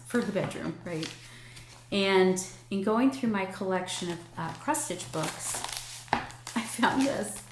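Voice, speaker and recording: A woman in her sixties chatting warmly through her cross-stitch projects, gushing over patterns with plenty of ums. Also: mid-range voice. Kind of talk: casual show-and-tell chat. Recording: echoey room with faint noise.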